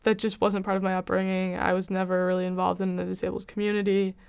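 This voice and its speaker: A young woman with an American accent shares her story in a reflective, candid way, softening her points with "kind of". Her voice is exceptionally smooth and crisp, and she keeps a narrow, even pitch. It sounds like a personal testimonial from a college student. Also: fast. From United States. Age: young adult. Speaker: university student.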